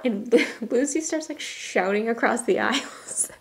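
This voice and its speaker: Chatty young woman with a gravelly edge. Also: a little high, unhurried. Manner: chatty, giggly, uses "y'all" and "like" often. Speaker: beauty vlogger. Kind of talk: casual makeup chat. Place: home bathroom.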